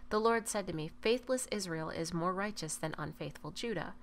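Woman reading scripture in a lower voice. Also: moderate pace, a little hiss or hum. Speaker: scripture reader.

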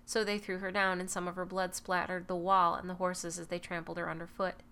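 A woman reading a Bible passage aloud at a measured pace, now and then correcting a slipped word. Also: lowish voice, level tone, pushed and bright, clean tone. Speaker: Bible reader. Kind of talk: scripture reading.

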